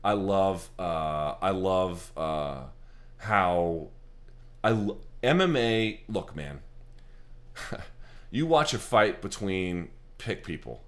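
Deep male host, loose profane off-the-cuff fight chat, filming himself on a handheld camera. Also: expressive, drawn-out words, pauses often, fairly bright tone. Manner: loose, profane, rambling and emphatic, many fillers. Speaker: MMA show host. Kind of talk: casual post-fight commentary.

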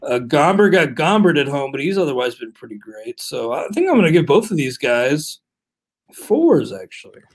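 A man co-hosting a sports podcast in casual chat, moving briskly through the rundown in a conversational way. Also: fairly high pitch, sing-song, slightly rough. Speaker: podcast co-host.

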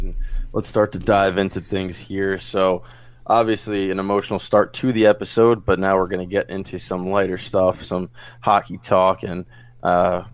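A man hosting a casual podcast in an easygoing way, teasing his co-host with questions. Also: low voice.

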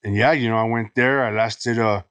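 A middle-aged man from Los Angeles, guest on a podcast, telling his recovery story in halting speech full of restarts. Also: lowish voice, fairly even intonation, a bit bright, clear, resonant tone, no room sound. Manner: halting, many restarts and "you know"s.

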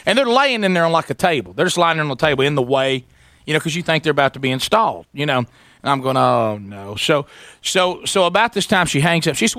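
Man, radio talk show host, animated storyteller, sarcastic, forceful bright tone, dry close sound. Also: fairly high pitch, quick pace, no echo. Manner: animated, acts out quoted voices, sarcastic. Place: radio studio.

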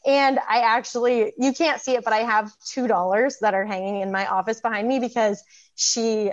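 A woman's voice: fairly high pitch, moderate pace. Chatty woman, muffled lo-fi sound. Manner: chatty, lots of fillers, laughs often. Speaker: program graduate guest. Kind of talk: casual personal story.

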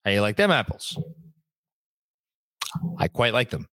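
A man's voice: fairly low pitch, sing-song, a little slow, a bit bright, no room sound. A young adult man hosting a casual sports live stream from home, reading out viewer comments with a rambling, chatty manner and some swearing. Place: home room at a computer.

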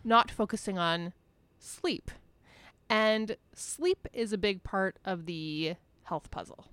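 A woman's voice: mid-range voice, slow pace, fairly bright tone, no room sound. A woman co-hosting a podcast in casual chat, talking with a slight lisp and laughing often. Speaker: podcast co-host.

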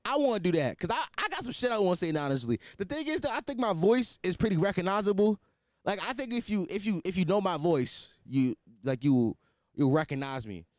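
A man's voice: high voice, very animated, fast talker, dry recording, clean studio sound. A man in his twenties hosting a solo podcast, rambling with restarts and repetition, crude, slangy and blunt. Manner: rambling, restarts and repeats himself, crude joking; swears freely, slangy and blunt. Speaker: podcast host. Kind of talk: casual solo podcast monologue.

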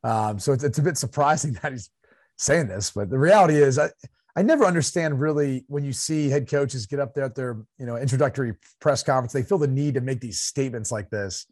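A man's voice: mid-range voice, fairly quick, darkish tone, dry recording, clean studio sound. A man from Ohio co-hosting a sports talk podcast in a chatty way, with fillers. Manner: chatty, with frequent fillers and laughs. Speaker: podcast co-host.

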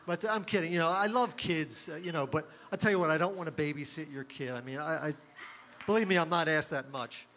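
Deadpan stand-up comedian, slightly high voice. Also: male voice, fairly quick, background noise. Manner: deadpan one-liners with crude punchlines.

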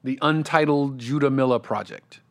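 A male comedian telling a story in casual chat, acting out quotes with big jumps in his voice. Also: moderate pace. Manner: animated, acts out quotes with big pitch jumps. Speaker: comedian guest.

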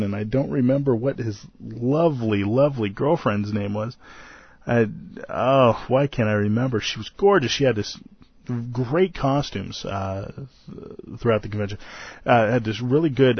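A man's voice: mid-range voice, breathy edge, dry recording, muffled recording. A tired man hosting a podcast, recapping a convention in a rambling, self-deprecating way and laughing often. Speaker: podcast host.

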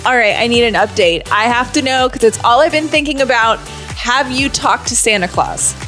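A woman's voice: on the high side, normal speed, fairly bright tone, faint music behind. Chatty female podcast co-host. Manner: emotional, chatty. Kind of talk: casual chat.

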